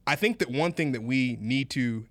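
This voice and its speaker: A man's voice: medium pitch, moderate pace, dry recording. A man hosting a casual talk show, emphatic and conversational, repeating words as he builds a point. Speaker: host. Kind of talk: casual political chat.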